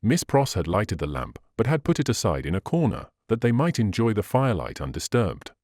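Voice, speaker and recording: A man narrating a classic novel in an expressive reading style. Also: on the low side, a little fast, dry recording, studio quality. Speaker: audiobook narrator.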